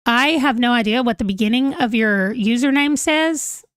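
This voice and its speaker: A woman's voice: a little high, moderate pace, smooth, no room sound, studio quality. Chatty, giggly woman streaming. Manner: chatty and giggly, reacting to viewer comments. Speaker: livestream host. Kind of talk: casual livestream chat reading comments. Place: home room, holding a pet.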